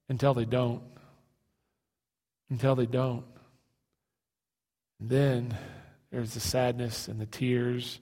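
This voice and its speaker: A male pastor preaching a sermon in a halting way, repeating words and asking rhetorical questions. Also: mid-range voice, fairly even intonation, darkish tone, long reverb tail.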